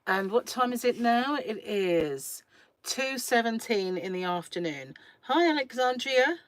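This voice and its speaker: A woman's voice: mid-range voice, animated, a little slow, no room sound. A woman hosting a crochet livestream, chatting casually and rambling to her viewers, laughing often, from a small room at home. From England. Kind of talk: casual chat with live viewers.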